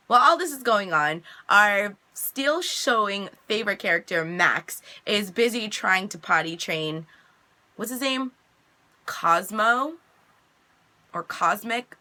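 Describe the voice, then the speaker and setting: A young woman casually recapping a TV episode, chatty and animated, jumping high in pitch when she quotes the characters. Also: slow pace. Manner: chatty, animated quoting with big pitch jumps. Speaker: reaction vlogger recapping an episode.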